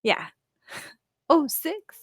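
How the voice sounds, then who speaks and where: A woman's voice: extremely slow, a bit bright, no echo, clean studio sound. A woman in her thirties co-hosting a live stream, chatting casually in a rambling way with frequent laughs. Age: 30s. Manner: chatty, rambling, laughs often, many fillers. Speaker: co-host.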